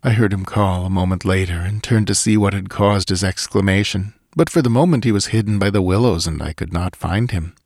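A man narrating a story in a measured, deliberate reading. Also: sits low, darkish tone, no echo, clean studio sound. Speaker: audiobook narrator.

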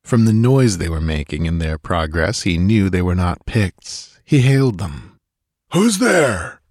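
A man narrating a sword-and-sorcery audiobook in a measured, steady storytelling manner. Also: low voice, no echo, studio quality. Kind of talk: scripted narration.

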